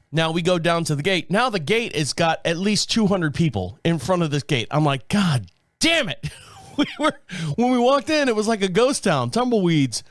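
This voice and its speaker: Lively man telling a travel story. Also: a little high, no echo, clean studio sound. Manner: animated, profane, laughs often. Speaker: podcast host. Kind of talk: casual storytelling.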